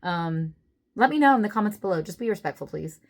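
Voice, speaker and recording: A woman's voice: mid-range voice, expressive, fast. A woman book vlogger chatting casually to camera, self-deprecating, with many fillers.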